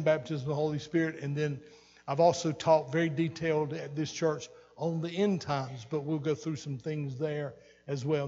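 Older man, earnest repeating sermon, husky, echoey church hall. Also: on the high side, darkish tone, highs cut off. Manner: earnest, repeats phrases for emphasis. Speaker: pastor. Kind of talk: sermon teaching. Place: church sanctuary.

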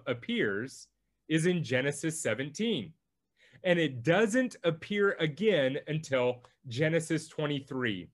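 A male pastor preaching a sermon, teaching through a Bible passage with slow, emphatic delivery. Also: fairly high pitch, a bit bright.

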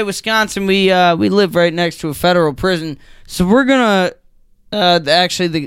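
A man's voice: high-pitched, a bit bright, clear, resonant tone, no echo, clean studio sound. A man playing a drunk, rambling football coach. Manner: rambling, stumbling, heavy swearing. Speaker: football coach at a mock press conference. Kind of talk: improvised comedy sketch.

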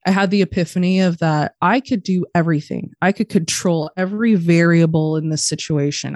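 A woman's voice: fairly low pitch, darkish tone, no room sound, studio quality. A woman in her thirties, a podcast guest talking casually and bluntly, swearing often. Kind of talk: casual interview talk.

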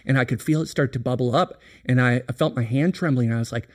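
As a guest on a business podcast, a middle-aged company president speaks candidly, telling a reflective and earnest story with many restarts. His voice is medium in pitch and quick in pace.

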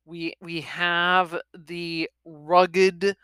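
A woman reviewing a western novel, chatting excitedly and reading chapters aloud. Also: fairly low pitch, very slow, smooth, dry recording. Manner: chatty and excitable, with restarts and exclamations. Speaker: book reviewer.

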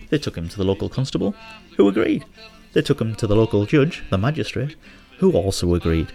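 A man's voice: lowish voice, sing-song, a little fast, vocal fry, warm tone, faint music behind. A man from Hartlepool with a local accent, hosting his own show in a chatty, joking way and telling a local legend. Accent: Hartlepool English. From Hartlepool, England. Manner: jokey, chatty storyteller who laughs at his own jokes. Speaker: host. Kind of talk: casual monologue and storytelling.

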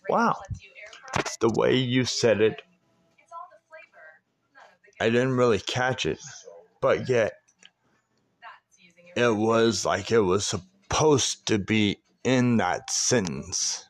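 A man's voice: mid-range voice, slow, long pauses. A man hosting his own podcast, rambling through stories in a casual, heavily profane monologue. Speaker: podcast host.

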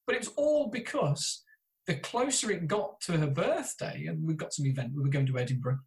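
Man, British accent, middle-aged, therapist, chatty, self-deprecating, animated pitch. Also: fairly quick, rough recording. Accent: British English. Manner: chatty, self-deprecating storyteller with frequent restarts. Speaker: therapist and podcaster. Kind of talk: candid interview conversation.

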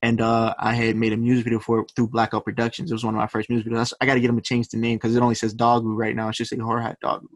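A man's voice: medium pitch, monotone, racing, few pauses, no room sound. A young man, a rapper guest, telling stories in a laid-back, profane, slangy way during a casual interview.

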